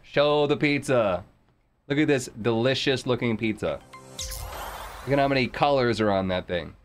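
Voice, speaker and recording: A male streamer chatting through a live game session, thanking viewers and thinking aloud about loot. His voice sits at an ordinary middle pitch, and game music plays faintly behind him. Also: moderate pace. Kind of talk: casual live game commentary.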